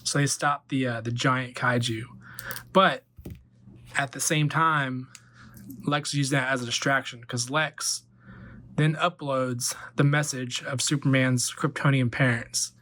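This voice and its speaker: A man's voice: mid-range voice, steady tone, unhurried, pushed and bright. Rambling man recapping a movie casually. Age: 40s. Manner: rambling, many fillers. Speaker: toy collector video host.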